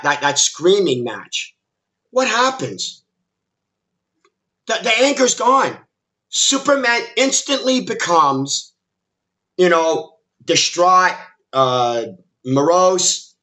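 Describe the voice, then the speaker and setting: A man delivering an opinionated commentary vlog in a bright, forceful, slightly high voice. He takes his time, talking slowly and emphatically, and he repeats his points while mocking his audience in a combative tone. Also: big pitch swings. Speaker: commentary vlogger.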